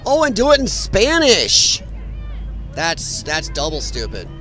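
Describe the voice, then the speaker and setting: A man's voice: high voice, wildly swooping pitch, slow, sharp tone, a faint crowd. A man hosting a live stream, commenting on protest footage in a blunt, mocking and profane way, rambling with frequent restarts. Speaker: livestream commentator.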